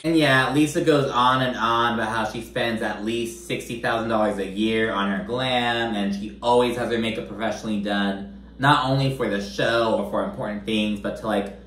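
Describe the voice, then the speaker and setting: A man's voice: on the low side, steady tone, normal speed, a bit bright, reverberant. A man giving a casual, gossipy recap of a reality show, swearing freely and using lots of fillers. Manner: chatty, profane, gossipy with frequent fillers.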